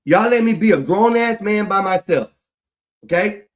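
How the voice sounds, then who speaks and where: A man with a fairly high voice rants into his livestream mic. He swears constantly, circles back over the same complaints and sounds fed up. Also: normal speed. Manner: swears heavily, repeats himself, frustrated. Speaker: livestream host. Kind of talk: angry livestream rant.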